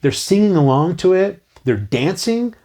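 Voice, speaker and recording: A man's voice: high voice, normal speed. A man in his forties co-hosting a casual movie review show, talking enthusiastically and quoting lines he loves. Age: 40s. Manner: enthusiastic, animated, quotes lines from the film. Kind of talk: casual film review chat.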